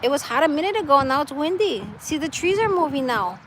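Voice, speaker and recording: A woman's voice: high voice, very animated, fast, slight background noise, poor audio. A woman chatting casually outdoors with her live-stream viewers, laughing often and reading out their comments. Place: outdoors, wind and trees nearby.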